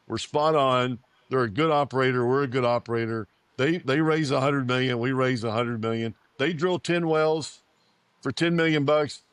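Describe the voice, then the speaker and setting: A man's voice: mid-range voice, no room sound. A man in his fifties, an oil and gas company founder, giving an interview and telling a story, repeating phrases and acting out quoted dialogue.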